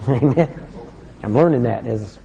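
A man preaching a sermon in a conversational way, often putting questions to his listeners and slowing down to read scripture aloud. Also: medium pitch, vocal fry, dark tone, lo-fi sound. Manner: conversational, asks the congregation questions. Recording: long hall reverb.

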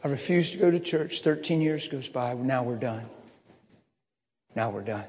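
Middle-aged preacher shouting in an echoey hall. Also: male voice, animated, moderate pace. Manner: swings from low muttering to impassioned shouting. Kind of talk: sermon testimony storytelling.

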